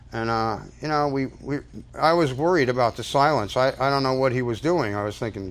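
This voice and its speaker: Older man, storyteller, rambling, restarts, fillers, mid-pitched voice. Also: fairly quick. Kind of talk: casual spoken anecdote.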